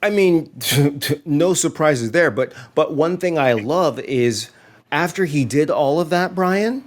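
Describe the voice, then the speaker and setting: A man's voice: on the high side, expressive, slow. A man co-hosting a casual podcast, playfully teasing and asking questions. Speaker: podcast co-host. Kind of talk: casual chat.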